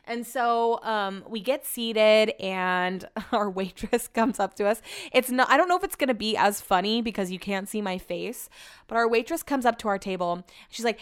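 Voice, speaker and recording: A woman's voice: medium pitch, moderate pace, clean tone. Chatty woman telling stories casually. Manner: chatty, animated, lots of "like". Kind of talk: casual storytelling chat.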